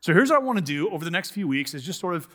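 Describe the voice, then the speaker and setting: A man preaches to his congregation with a bright, forward voice that sits a little high. His delivery is relaxed and conversational, leaning on "like" and "sort of" as he explains. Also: racing. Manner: conversational, animated, many "like" and "sort of". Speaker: pastor. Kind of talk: sermon. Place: church sanctuary.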